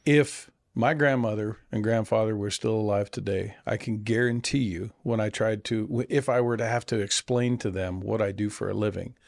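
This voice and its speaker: Gravelly middle-aged man telling stories. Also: lowish voice, steady tone, normal speed, few pauses, darkish tone, no room sound, studio quality. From California. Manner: earnest, storytelling, self-deprecating. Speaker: guest, conservation nonprofit CEO. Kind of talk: casual interview conversation.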